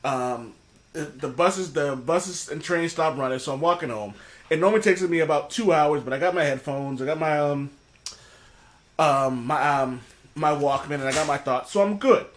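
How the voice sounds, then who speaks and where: A man's voice: a little high, normal speed. A middle-aged man hosting a casual comedy podcast, rambling through jokes and profane stories. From Boston area. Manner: jokey, rambling, profane storyteller. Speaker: podcast host.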